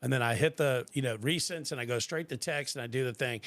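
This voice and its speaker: A middle-aged man hosting a podcast, chatting casually and telling animated stories with acted-out quotes. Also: mid-range voice, fast, dry recording. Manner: animated storyteller, acts out quotes. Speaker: podcast host. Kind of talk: casual chat.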